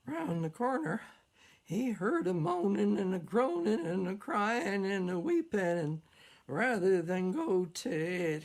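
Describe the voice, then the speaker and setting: A woman's voice: mid-range voice, creaky. A woman telling a folktale, with a drawling, repetitive rhythm and plain country phrasing. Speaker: storyteller. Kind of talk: folktale storytelling.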